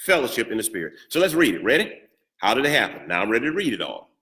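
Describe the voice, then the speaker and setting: Bright-voiced preacher, playful call-and-response. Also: male voice, medium pitch, very animated, racing. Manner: call-and-response preaching with humor and rhetorical questions. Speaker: pastor. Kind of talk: sermon.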